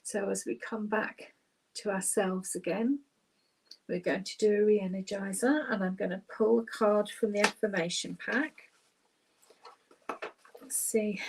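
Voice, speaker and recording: A woman's voice: medium pitch, a little hiss or hum, low-quality recording. Cheerful British woman leading a class. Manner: cheerful, chatty, with frequent ums. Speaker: laughter yoga leader. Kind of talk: online class instruction.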